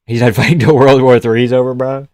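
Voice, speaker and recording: A man's voice: medium pitch, little pitch movement, fairly quick, darkish tone, no echo, clean studio sound. A man live-streaming in casual chat, joking and swearing as he answers viewers. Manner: profane, joking, rambling.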